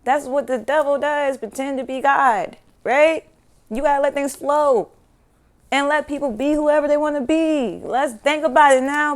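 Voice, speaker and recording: A woman's voice: high voice, normal speed. A woman giving a casual spiritual teaching talk, loose and conversational, with frequent swearing and asides. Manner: loose and conversational, with frequent swearing and "you know what I'm saying"; breaks into laughter and sing-song asides.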